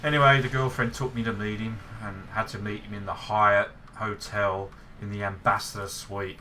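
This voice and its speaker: A man's voice: on the low side, level tone, moderate pace, few pauses, pushed and bright. A man with an Australian accent hosting a casual gaming chat, telling rambling anecdotes and laughing. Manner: rambling anecdotes, laughing, mimics voices in stories. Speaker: gaming channel host. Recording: distant mic with noticeable background noise.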